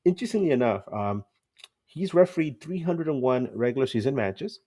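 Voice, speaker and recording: A man's voice: mid-range voice, expressive, fairly quick, mellow. Chatty male sports podcast host. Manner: chatty, laughs often, many fillers. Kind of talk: casual sports podcast talk.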